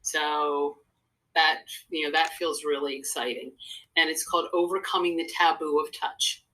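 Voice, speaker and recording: An older woman talks through stories earnestly in a casual interview, her voice bright and forceful. Her pitch sits a little low for a woman. She wanders through her points as a guest and therapist would. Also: fairly even intonation, moderate pace, low-quality recording. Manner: earnest, rambling storyteller. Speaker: guest, psychotherapist and speaker.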